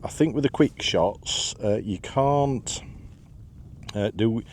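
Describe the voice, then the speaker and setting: A man's voice: fairly low pitch, slow pace, a little mellow, slight background noise. A man, chatting casually as he walks and films outdoors on a breezy hillside, rambling with lots of "uh" fillers. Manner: chatty and rambling, many "uh" fillers, self-deprecating. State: out of breath after climbing. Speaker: vlogger. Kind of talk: casual walking vlog narration. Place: outdoors on a windy hillside path.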